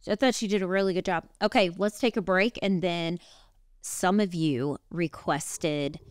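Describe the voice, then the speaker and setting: A woman's voice: on the low side, a little slow, clear, resonant tone, no echo, studio quality. A woman in her thirties co-hosting a podcast, telling stories animatedly in casual chat. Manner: animated storytelling, quoting herself in raised voices. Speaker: podcast co-host.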